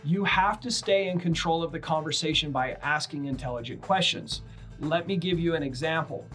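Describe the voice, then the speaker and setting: Brisk coaching man with music underneath. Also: a little high, fairly bright tone. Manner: brisk, coaching, acts out sample phone dialogue. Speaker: real estate investor teaching cold calling. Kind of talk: instructional talk to camera. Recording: faint music bed underneath.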